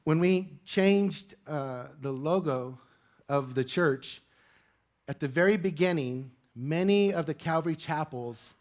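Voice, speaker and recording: High-voiced man preaching a sermon. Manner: conversational preaching with rhetorical questions and humor. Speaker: pastor. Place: church sanctuary with congregation.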